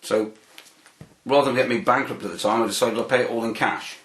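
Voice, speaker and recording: A man's voice: mid-range voice, fairly quick. Roomy-sounding man telling anecdotes. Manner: animated, repeats words when starting a phrase. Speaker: interviewee. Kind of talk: anecdotal storytelling.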